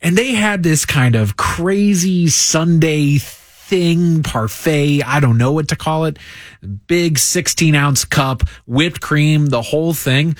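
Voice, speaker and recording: A man's voice: a little high, takes it slowly, no echo. A man from Illinois telling a story on morning radio in a studio, affable and laughing. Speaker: radio host. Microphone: close studio mic.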